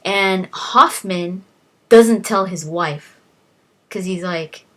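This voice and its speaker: A woman's voice: lowish voice, extremely slow. A young woman casually retelling a novel's plot, rambling and quoting the characters with "he's like" as she goes. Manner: rambling, quotes characters with "he's like", frequent restarts.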